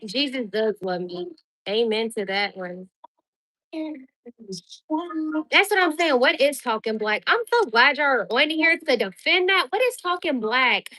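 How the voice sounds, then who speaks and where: A woman's voice: high voice, expressive, slow, pushed and bright, no room sound. A young woman from Louisville, a mother and content creator chatting bluntly and directly with her viewers at home. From Louisville, Kentucky. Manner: blunt, talkative, speaks straight to viewers. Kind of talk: casual live chat with viewers.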